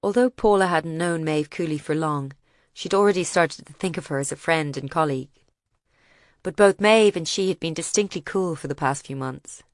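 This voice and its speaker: A woman's voice: low voice, normal speed, no echo, clean studio sound. Woman narrating an audiobook. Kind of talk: scripted narration.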